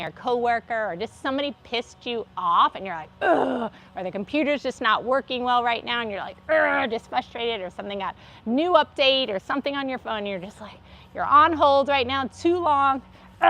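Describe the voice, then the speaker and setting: A woman's voice: a little high, animated, a little fast, bright, forceful tone. A woman leading a live wellness and laughter yoga class, upbeat, encouraging and playful as she guides stretches and breathing. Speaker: wellness instructor. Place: livestream.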